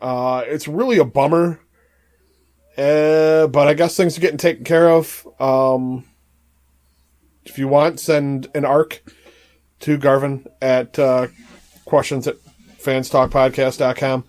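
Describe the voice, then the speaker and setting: A man co-hosting a wrestling podcast in casual chat, relaxed and filling his pauses with "uh" and "um". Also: mid-range voice. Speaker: podcast co-host.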